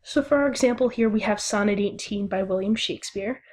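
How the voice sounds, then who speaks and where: Her mid-range voice carries a darkish tone as this young woman teaches a recorded lesson. She goes slowly and carefully, breaking words into individual syllables.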